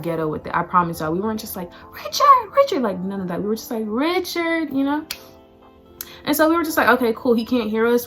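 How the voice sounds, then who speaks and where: A teenage girl from Texas, chatty and animated, telling a storytime vlog with lots of "like" and "y'all". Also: fairly high pitch. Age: teens. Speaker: vlogger.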